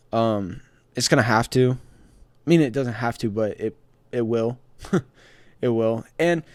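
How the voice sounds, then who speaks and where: A man's voice: medium pitch, darkish tone, smooth, dry recording. Rambling young man talking movies, dry sound. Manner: rambling, chatty, many restarts and asides. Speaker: pop culture show host. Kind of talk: casual movie news commentary.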